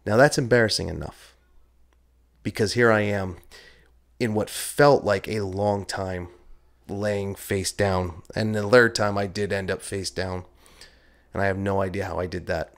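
A man's voice: fairly low pitch, normal speed. A man hosting a podcast, telling a story in a casual, rambling, self-deprecating way and swearing freely. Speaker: podcast host. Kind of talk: casual first-person storytelling.

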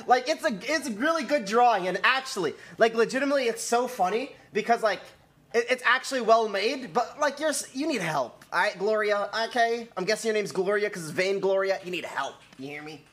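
A man's voice: high-pitched, animated, a little fast, fairly bright tone. A man streaming, reacting to viewer comments and fan art, exasperated, swearing and breaking into laughter.

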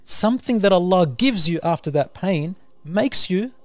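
A male preacher giving a sermon, telling vivid stories with animated rhetorical questions. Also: high-pitched, moderate pace. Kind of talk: sermon storytelling.

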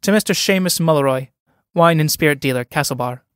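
A man's voice: on the high side, a little fast, clean tone, no echo, clean studio sound, natural voice. A man reading a play aloud, voicing a spirited young country girl who mocks and scolds with impatience. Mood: teasing. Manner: sharp, mocking, impatient.

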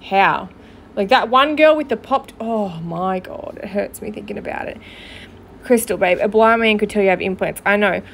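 A woman's voice: medium pitch, normal speed, a bit bright, slight background noise. A woman hosting a podcast, reacting bluntly to played clips with profane, sarcastic commentary. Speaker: podcast host.

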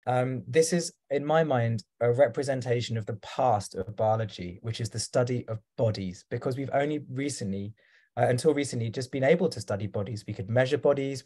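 A man's voice: medium pitch, mellow. A man giving a talk over a video call, rambling and hesitant with many fillers. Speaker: guest speaker.

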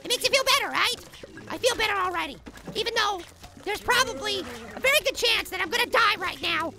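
A man voicing a tiny, excitable cartoon apple boy in frantic let's play commentary, yelling at the game. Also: a little fast, vocal fry, exaggerated voice. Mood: frantic excited. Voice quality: squeaky, sped-up high voice. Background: game music.

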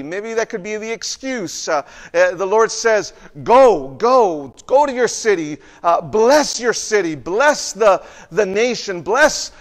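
A male pastor with a high voice, preaching to his congregation. He talks in bursts, stumbling and repeating words before pressing on. His sermon delivery is earnest and direct. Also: animated, in a large hall. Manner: repeats words, halting restarts.

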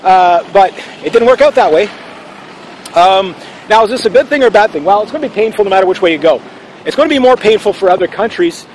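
Vlogger: high-voiced man, loose and opinionated, lots of restarts, light noise underneath. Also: lively intonation, fast, low-quality recording. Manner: rambling and opinionated, with frequent restarts and fillers. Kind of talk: casual opinion monologue.

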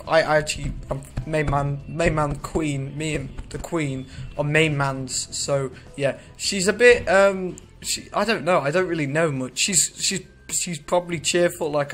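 A man's voice: fairly high pitch, fairly bright tone. A man giving casual commentary while he plays a video game, rambling and joking and often cutting himself off mid-sentence. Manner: rambling, jokey, self-interrupting. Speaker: gaming video creator.

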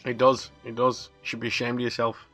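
A man's voice: medium pitch, monotone, fairly quick, pushed and bright, faint music behind. A man hosting a casual gameplay video, upbeat and teasing as he chats and comments while playing. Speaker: gaming channel host.

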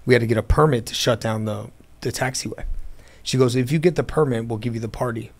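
Quick-paced and gravelly at a medium pitch, a man narrates his business story in a relaxed interview. The setting is an airplane hangar, and he enlivens the telling by impersonating the voices of the people in it.

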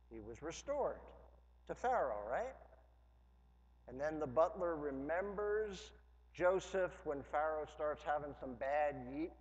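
A man preaching a sermon as pastor, conversational with humorous asides, rising to emphatic preaching. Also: fairly high pitch. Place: church sanctuary. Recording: dull lo-fi church hall recording with long reverb.

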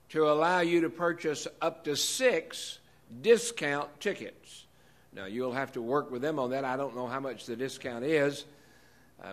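A man's voice: medium pitch, a bit bright. A man hosting a live show, folksy and direct, giving announcements to the audience in the room. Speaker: host.

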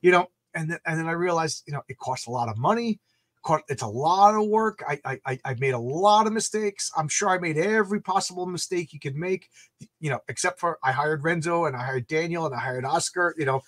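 Excitable stammering man on a video call. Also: fairly high pitch, a little fast, no echo. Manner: excitable, stammers and repeats words. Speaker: guest comic creator. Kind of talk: casual live-stream chat. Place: home comic book room.

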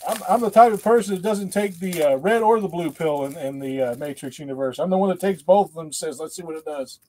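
A man hosting a casual live stream, drifting from story to story in a folksy, self-mocking way. His voice sits a bit high for a man, and he keeps breaking into laughter at his own jokes. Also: fast, darkish tone. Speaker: host. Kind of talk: casual livestream chat.

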